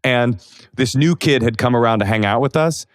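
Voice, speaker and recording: A man in his forties from Oakland, a comedian guest telling self-deprecating stories in a casual interview, animated and full of fillers. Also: mid-range voice, moderate pace, clear, resonant tone, no echo, studio quality. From Oakland, California.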